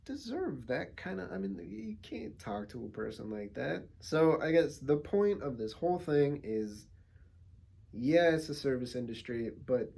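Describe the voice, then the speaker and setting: A man vlogging casually, telling a story with lively acted-out quotes, laughing and swearing often. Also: medium pitch, gravelly. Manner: swears casually, rambling asides. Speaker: actor and vlogger.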